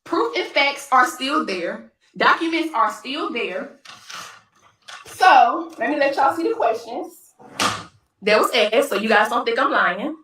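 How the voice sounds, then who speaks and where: A woman's voice: high voice, lively intonation, unhurried, a bit bright, a little hiss or hum. A woman vlogger talking straight to camera, emphatic and repeating phrases for effect. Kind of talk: direct-to-camera rant. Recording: echoey room, distant mic.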